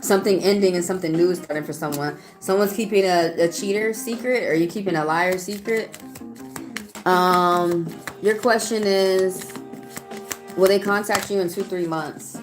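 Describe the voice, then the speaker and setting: A woman's voice: fairly low pitch, moderate pace. Outspoken Southern woman reading tarot live. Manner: chatty, outspoken, talks straight to chat. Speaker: tarot reader. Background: faint background music.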